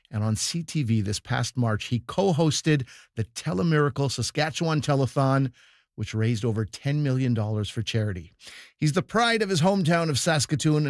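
A man hosting a comedy broadcast, reading crisp scripted introductions of performers. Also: on the high side, dry recording, studio quality. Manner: crisp, reads promotional details. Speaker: radio comedy show host.

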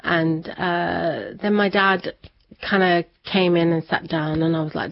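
A woman's voice: fairly low pitch, steady tone, unhurried, gravelly, no echo. A woman guest in an interview, telling a personal family story in a chatty way and laughing often. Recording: slightly dull lo-fi sound.

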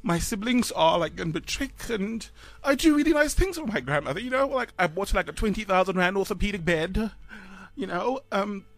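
A man in his thirties with a South African accent, co-hosting a breakfast radio show, speaking haltingly with sighs, choked up and close to tears. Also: high voice, animated, fairly bright tone, dry recording. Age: 30s. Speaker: radio co-host. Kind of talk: emotional radio chat.

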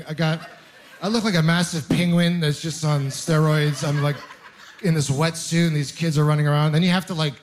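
A man performing a stand-up comedy set in a self-deprecating, rambling way, with restarts and exaggerated stories. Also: on the high side.

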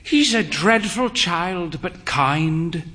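Man playing frail old woman in furs, proud and theatrical, high quavering voice pushed well above his own, bright and lively. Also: very slow, full character voice. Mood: wistful. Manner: high, quavering, grandly dramatic.

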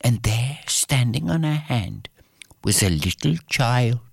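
Very low gravelly lady spinning an old folk tale, slow and lilting, dry close sound. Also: no room sound. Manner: slow, drawn-out, lilting, swoops up for lively parts. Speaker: storyteller. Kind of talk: oral folk storytelling.

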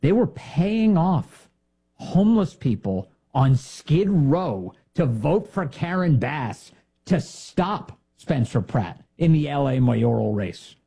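A male political commentator delivers an indignant, sarcastic monologue, throwing out one rhetorical question after another. His voice is warm and husky, pitched a little high, with a lively, swooping delivery. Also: takes it slowly. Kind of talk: opinionated monologue.

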